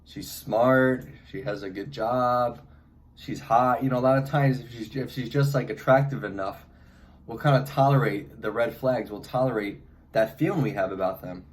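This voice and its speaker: Young man, stuffy with a head cold, loose advice monologue full of fillers and restarts, mid pitch. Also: normal speed. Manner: rambling, many fillers and restarts. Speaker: vlogger.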